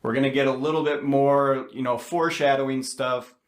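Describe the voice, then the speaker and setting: A man's voice: medium pitch, fairly even intonation, a little fast. A man co-hosting a podcast, casually recapping a movie's scenes and acting out the characters' lines. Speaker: podcast co-host. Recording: roomy echo.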